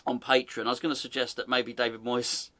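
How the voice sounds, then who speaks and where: Bright-voiced man chatting with amusement. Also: mid-range voice, level tone, a little fast. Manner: amused, teasing, laughs often, chatty. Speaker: podcast host. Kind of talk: casual comedic commentary.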